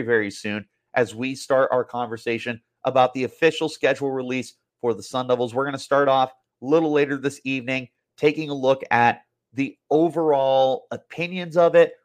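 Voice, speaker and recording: A man hosting a sports podcast, delivering a heated, annoyed opinion rant full of repetition. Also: medium pitch.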